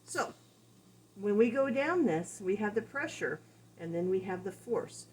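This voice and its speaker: A woman dog trainer explains her method in a relaxed, chatty way. Her voice sits at an ordinary middle pitch. A faint hiss of noise runs behind her. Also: unhurried, low-quality recording. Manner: casual, conversational, explains with examples and acted-out quotes. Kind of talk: instructional talk.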